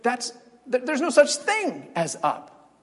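A preacher puts on a bewildered flat creature, high and insistent. Its husky questions ring out in a long reverberant hall. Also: male voice, takes it slowly, heavily acted. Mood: baffled. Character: bewildered flat two-dimensional creature, male.

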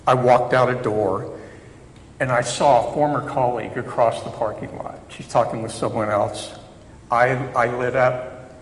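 A man preaching a sermon, talking to his congregation in a loose, conversational way and mixing quiet reflection with jokes at his own expense. His voice sits at an ordinary middle pitch. It rings through a large, reverberant sanctuary over a faint background hiss. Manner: conversational and reflective, with self-deprecating humor. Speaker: chaplain preaching. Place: church sanctuary. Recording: echoey hall reverb, faint background noise.

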